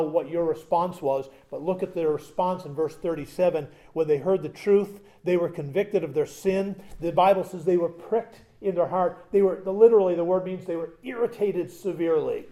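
A man preaching a sermon, moving between loud emphatic points and quiet conversational asides with humorous stories. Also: fairly high pitch, normal speed. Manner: conversational, tells humorous anecdotes. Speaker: pastor.

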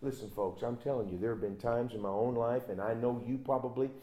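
A male pastor preaching a sermon, telling the story dramatically and swinging from loud outbursts to hushed near-whispers. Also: medium pitch, steady tone, fairly quick, echoey room.

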